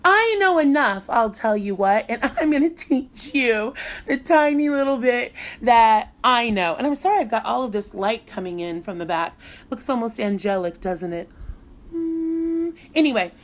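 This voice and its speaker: A woman's voice: a little high, animated, normal speed. A middle-aged woman music teacher giving a casual live online lesson, chatty and playful and often laughing.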